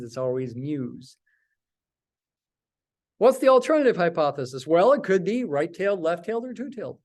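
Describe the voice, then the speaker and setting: A man's voice: a little high, a little mellow. A man teaching a statistics lecture, stressing points by repeating words and asking and answering his own questions. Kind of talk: recorded math lecture.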